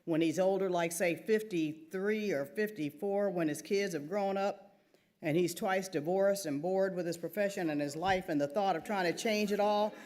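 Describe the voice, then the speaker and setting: A woman's voice: on the low side, moderate pace, darkish tone. A woman author reading her own first-person novel aloud at a theater event, wry and conversational.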